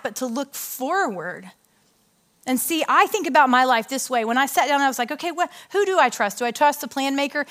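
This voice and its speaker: Woman, 30s, speaker on stage; lively storytelling sermon, slightly high voice. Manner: animated, chatty, asks the audience questions. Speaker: women's ministry speaker. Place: stage before an audience.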